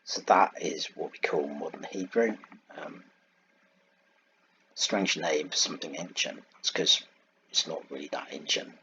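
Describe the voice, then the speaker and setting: A man's voice: very deep voice, a little slow, gravelly, pauses often, bright, forceful tone, dull audio, a little hiss or hum. A man giving an informal Bible lesson over slides, wandering off on side points and searching aloud for the right word. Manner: digressive, thinks aloud and searches for words. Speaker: Bible teacher.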